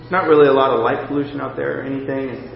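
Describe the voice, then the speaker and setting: A man's voice: medium pitch, fairly even intonation, creaky. Emotional male preacher in an echoey hall. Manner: halting, emotional storytelling with many restarts. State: emotional, near tears. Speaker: pastor. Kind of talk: sermon with personal testimony. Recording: echoey hall, dull lo-fi sound, faint noise.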